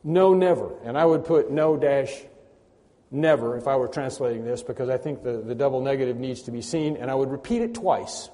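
A man's voice: mid-range voice, a little fast, warm tone. A male pastor preaching a sermon, stressing and repeating key phrases with rising force. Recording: long hall reverb.

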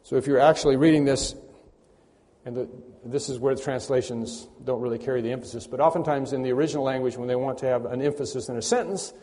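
A man's voice: medium pitch, steady tone, quick pace, dark tone. A male pastor preaching a sermon, stressing and repeating key phrases with rising force. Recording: long hall reverb.

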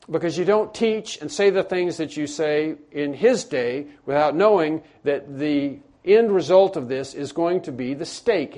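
A man delivers a sermon as a story, his voice mellow and a little high for a man. He drops to near-whispers and then builds to emphatic lines, often stumbling over and repeating his words. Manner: earnest storytelling, swings between hushed and emphatic. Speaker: preacher.

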